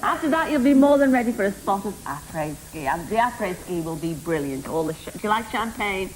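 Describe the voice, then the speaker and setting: A woman's voice: medium pitch, animated, brisk, rough recording. A woman hosting a live TV dating show, chatty and teasing, gushing over the contestants. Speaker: game show host. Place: TV studio with live audience. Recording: hissy old VHS tape with loud studio audience.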